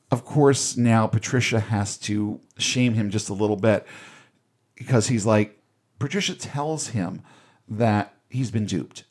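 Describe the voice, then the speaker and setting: Wry low-voiced man recapping a film. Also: darkish tone. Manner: wry, casual, swears offhandedly. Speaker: podcast host recapping a film. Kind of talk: casual recap chat.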